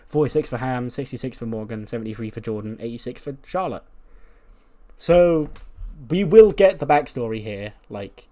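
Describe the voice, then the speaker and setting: A man's voice: medium pitch, lively intonation, moderate pace, dark tone. A man narrating a wrestling-management game playthrough in a loose, rambling way. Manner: loose, rambling, many "like"s and restarts. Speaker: let's-play creator.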